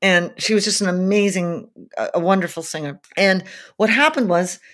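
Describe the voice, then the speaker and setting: A woman with a raspy, soulful voice, chatting casually as a guest singer and telling stories in an animated way with quick restarts. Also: fairly low pitch. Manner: animated storyteller, frequent restarts and laughs. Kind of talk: casual interview chat.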